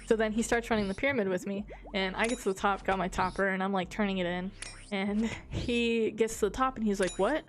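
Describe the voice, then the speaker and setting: A woman's voice: medium pitch, fairly quick. Giggly woman telling a gaming story. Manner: giggly, swearing, animated retelling with quoted dialogue. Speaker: streamer. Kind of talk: casual storytelling.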